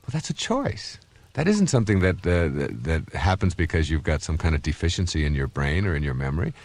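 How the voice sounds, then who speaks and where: A man's voice: extremely low pitch, big pitch swings, brisk, a little mellow. A man in his fifties giving a recorded self-help talk in an earnest, conversational, anecdotal way. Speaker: self-help author and speaker.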